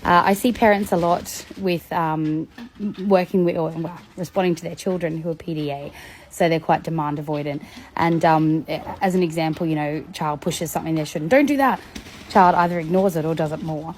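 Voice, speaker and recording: A woman giving a casual educational talk about children, lively and storytelling, acting out examples. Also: normal speed, slight background noise. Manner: animated, acts out examples with big pitch jumps and laughs. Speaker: educator on demand avoidance in children.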